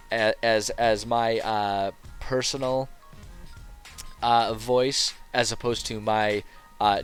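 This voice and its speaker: A man's voice: fairly low pitch, a bit bright. A male streamer and game master chatting casually as he builds a world, rambling, joking at his own expense and swearing now and then.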